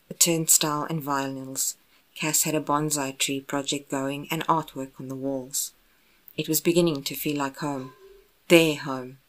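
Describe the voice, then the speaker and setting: A woman with a low voice reads romance fan fiction aloud. Her narration is even and unhurried, with a steady storytelling pace. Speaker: audiobook narrator.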